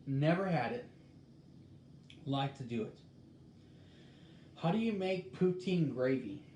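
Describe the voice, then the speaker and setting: A man in casual talk, reading a recipe aloud and musing in a halting way as he thinks out loud. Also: a little high, expressive, highs cut off. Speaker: host. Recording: echoey room with faint background noise.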